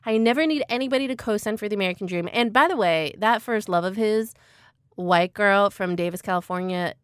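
A woman hosting a casual interview, upbeat and quick to laugh as she introduces her guest and asks him questions. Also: mid-range voice, clear, resonant tone, no room sound, clean studio sound. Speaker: podcast host.

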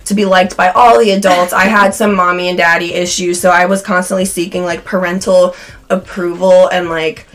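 A woman's voice: lowish voice, little pitch movement, moderate pace. A young woman from the American Midwest, co-hosting a podcast in casual chat, peppering her talk with "like" while her voice wears thin. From Cincinnati, USA. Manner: chatty, frequent "like" fillers. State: losing her voice. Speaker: podcast co-host.

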